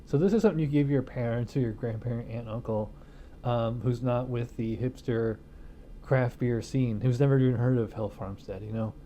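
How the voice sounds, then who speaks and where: A man's voice: medium pitch, normal speed, mellow, slight background noise. A middle-aged man reviewing a beer on his own channel, talking in a loose, rambling way with lots of fillers. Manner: rambling, filler-heavy, laid-back. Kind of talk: casual chat.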